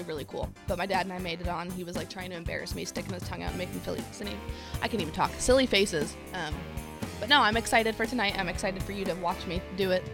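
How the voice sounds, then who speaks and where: A young woman from Indiana with a Midwestern accent, co-hosting a casual radio chat, talkative and quick to laugh. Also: on the low side, vocal fry. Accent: Midwestern American. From Indiana, USA. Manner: chatty, laughs often. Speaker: radio co-host.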